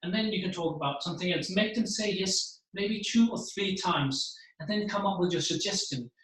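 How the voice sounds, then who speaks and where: In a very echoey room, a man with a high voice delivers a seminar talk at a moderate pace. As a motivational keynote speaker, he stays animated and performs the voices of the people he describes.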